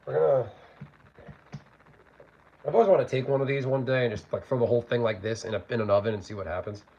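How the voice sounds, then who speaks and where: Man hosting a casual kitchen stream: gravelly voice, chatty and rambling, dull lo-fi phone audio. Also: medium pitch, quick pace, warm tone, slight background noise. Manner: rambling, chatty, reads out chat. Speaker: livestream host. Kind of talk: casual cooking livestream. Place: home kitchen.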